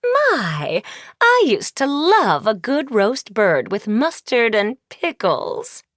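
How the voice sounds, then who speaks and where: A woman's voice: a little high, big pitch swings, slow, no echo, clean studio sound, full character voice. A woman reading an audiobook, voicing a vain, snappish evil queen mother in a grand, theatrical manner. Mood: haughty.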